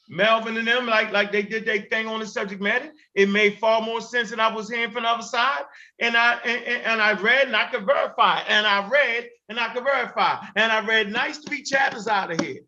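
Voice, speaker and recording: A man hosting a show, giving heated commentary in an animated, emphatic and profane way, often repeating himself. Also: high voice. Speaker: host. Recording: dull lo-fi recording.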